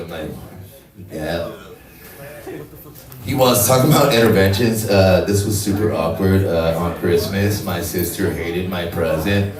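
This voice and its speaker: A man hosting a comedy show, introducing comics in a loose, profane way and telling a quick joke of his own. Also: low voice, reverberant, recorded from a distance, crowd noise. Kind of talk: emceeing and stand-up. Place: comedy club stage. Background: audience.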